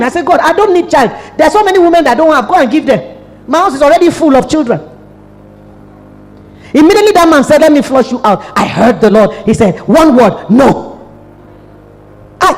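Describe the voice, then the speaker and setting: Animated Nigerian woman preaching in hall. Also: sits high. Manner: animated storytelling with acted-out dialogue. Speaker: pastor. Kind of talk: sermon. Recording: long hall reverb.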